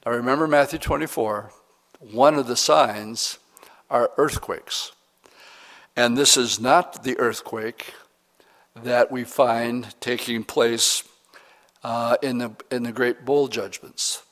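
A middle-aged man preaching as a pastor, reading scripture slowly and then explaining it in plain, conversational words with questions to the congregation. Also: medium pitch, fairly even intonation, fairly bright tone. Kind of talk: verse-by-verse Bible teaching sermon.

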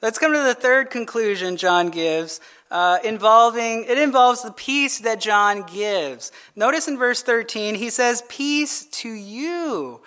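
A man's voice: very high-pitched, measured pace, hardly any pauses, bright, forceful tone, clear, resonant tone. A male pastor preaching a midweek sermon in a loose conversational way, asking "right?" over and over and adding jokey asides to the congregation.

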